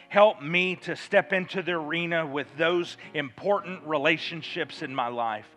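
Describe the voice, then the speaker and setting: A man preaching a sermon as pastor, leading his congregation in call-and-response and prayer with emphatic delivery that swells to loud fervor. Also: on the high side, normal speed, few pauses, faint music behind.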